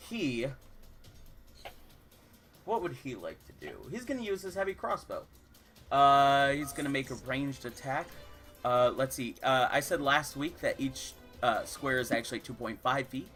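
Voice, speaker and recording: A man serves as dungeon master of a tabletop fantasy game, narrating the scene in an easy, unhurried way. His voice sits at an ordinary middle pitch, and he often stops to fill pauses with ums and uhs. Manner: relaxed, with frequent ums and uhs.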